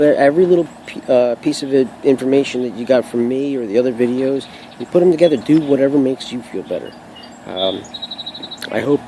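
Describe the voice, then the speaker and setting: A man's voice: mid-range voice, dark tone, a little hiss or hum, low-quality recording. A young man talking casually to camera at home, rambling and restarting often, swearing freely as he shares his own story. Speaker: vlogger sharing his own experience. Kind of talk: casual unscripted monologue to camera.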